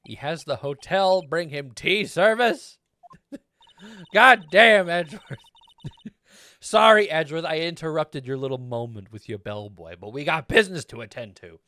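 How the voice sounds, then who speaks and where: A man's voice: a little high, lively intonation, unhurried, sharp tone, no room sound. A man streaming a video game and chatting casually with viewers, rambling and laughing often into a desk mic. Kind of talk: casual gameplay chat.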